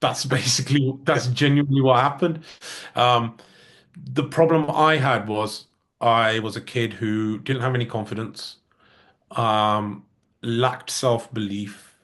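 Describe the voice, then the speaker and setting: A man's voice: medium pitch, slow pace. A man, a musician guest telling stories in a casual interview and acting out the dialogue he quotes. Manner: lively storyteller who acts out quoted dialogue.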